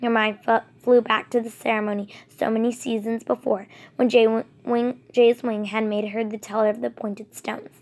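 A woman narrating a storybook in a measured, expressive reading. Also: on the high side.

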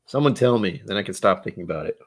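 A man's voice: deep voice, expressive, fast talker, breathy edge. A man hosting a whiskey tasting stream, rambling and joking as he talks to his chat. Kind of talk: casual live-stream chat.

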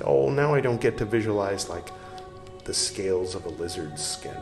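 Podcast host, male, low voice, reads aloud and wanders into joking asides; roomy sound. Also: lively intonation, moderate pace, vocal fry, soft background music. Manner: rambling, self-mocking, breaks off to joke.

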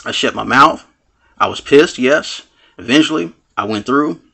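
Guy rambling through a story, gravelly husky voice, lots of "you know". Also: mid-range voice, animated, normal speed, pushed and bright. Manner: rambling, full of "you know what I'm saying"; acts out quoted lines with swearing. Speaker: vlogger telling a personal story. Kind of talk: casual storytelling to camera.

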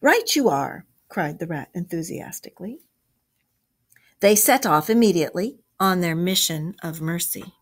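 A woman teacher reading a storybook aloud to a class, expressive, with chatty asides. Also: fairly low pitch, normal speed.

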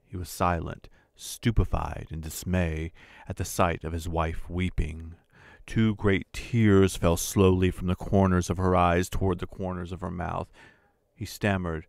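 A man narrating a classic short story as an audiobook in a measured, deliberate way. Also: sits low, flat delivery, creaky, dry recording, clean studio sound. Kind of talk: scripted literary narration.

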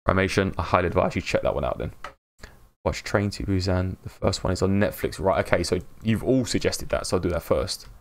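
This low-voiced Englishman, heavy with vocal fry, keeps up casual chatter with his stream audience as he plays a game. He sounds upbeat, calls viewers by name, and laughs a lot.

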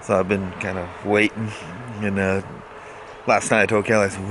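A man talking casually in a daily vlog, relaxed and rambling, often chuckling. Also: on the low side, normal speed, noisy background. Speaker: vlogger. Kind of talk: casual chat. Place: driving home, then at home outdoors.

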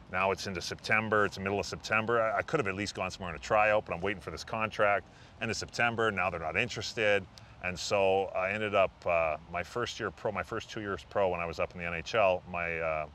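A middle-aged man, a retired hockey player as an interview guest, telling relaxed, self-deprecating stories with lots of fillers. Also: low-pitched, a little hiss or hum. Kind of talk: casual interview storytelling.

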